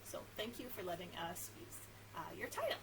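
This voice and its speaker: A woman children's librarian at story time, talking to young children in an animated, sing-song way and reading a picture book aloud. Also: mid-range voice, fairly quick. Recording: distant mic with faint background noise.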